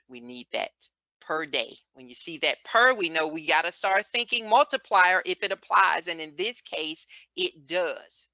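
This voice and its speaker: A woman with a Southern US accent leads an online class in a bright, sharp-edged voice, checking in constantly with her students. The sound is dry and close, with a dull lo-fi quality like a web meeting. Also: lowish voice, no echo. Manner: tags nearly every point with "okay?" or "all right?". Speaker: medical coding instructor. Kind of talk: live online class lecture.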